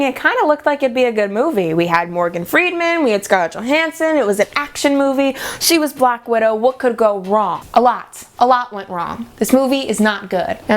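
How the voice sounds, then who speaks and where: A young woman in a casual vlog, ranting about a movie in a sarcastic, dramatic way, her pitch often jumping up for emphasis. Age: young adult. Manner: animated, with sudden jumps in pitch. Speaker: vlogger.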